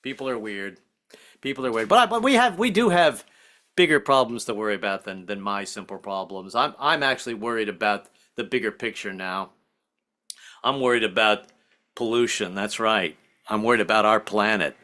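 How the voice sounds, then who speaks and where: A man performing a stand-up comedy set, animated and self-deprecating, slipping in and out of character voices. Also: on the low side, moderate pace. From Southern United States family. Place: online virtual comedy show.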